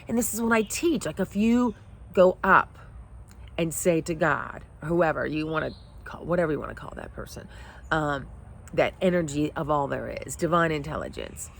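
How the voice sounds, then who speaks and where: A middle-aged woman with a somewhat low voice tells a personal story as a life coach. She talks in a heartfelt, emotional way. A faint noise sits behind her. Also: animated, moderate pace. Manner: emotional, heartfelt, teary at times.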